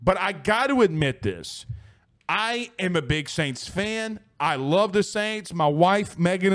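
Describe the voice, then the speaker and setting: A man hosting a casual sports show, reading out listener comments, excitable with frequent laughs and rambling restarts. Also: sits high.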